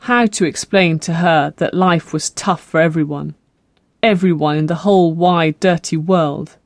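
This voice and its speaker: Measured audiobook narrator, dry sound. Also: medium pitch, no room sound. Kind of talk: scripted narration.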